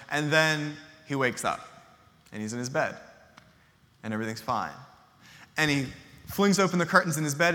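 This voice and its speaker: Bright-voiced pastor in a reverberant hall. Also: male voice, fairly high pitch. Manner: casual storytelling, acts out character lines. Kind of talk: sermon. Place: church hall.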